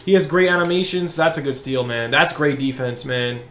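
A young man commentating his own basketball video game match, excitable, hyping his plays and groaning at misses. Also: medium pitch, normal speed, echoey room, slight background noise. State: out of breath. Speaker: gaming channel host. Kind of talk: live gameplay commentary.

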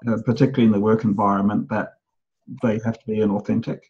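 A man's voice: on the low side, steady tone, quick pace, husky, muffled recording. A male interviewer asking questions in a thoughtful, hesitant way. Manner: thoughtful, hesitant phrasing with fillers. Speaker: interviewer, host. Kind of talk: conversational interview.

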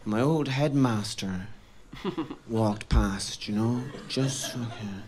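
A man's voice: on the low side, slow, a crowd in the background. A man with an Irish accent performing a stand-up set in a comedy club, telling wry, self-mocking stories and swearing casually. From Ireland. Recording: live club recording with laughing audience.

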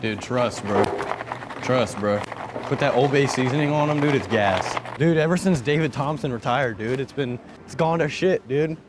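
A man's voice: medium pitch, moderate pace, very noisy. A young man vlogging in casual chat, joking and swearing in a loose slangy way as he walks around a store and outdoors.

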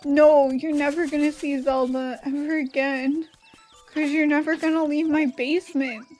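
A woman's voice: sits high, flat delivery, normal speed, a little mellow, close to an everyday voice, rough recording. A woman voicing a possessive young yandere girl, scolding and clingy, over faint game music. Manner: scolding, nagging.

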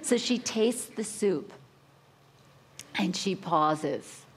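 A woman chef telling a lively story at a live cooking demonstration, acting out her own panicked reactions. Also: fairly low pitch, drawn-out words, slight background noise. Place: conference hall with a live audience.

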